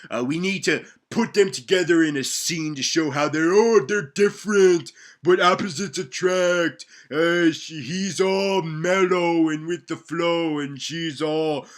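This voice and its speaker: A young man giving a casual comedic movie recap, rambling, excitable and swearing. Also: a little high.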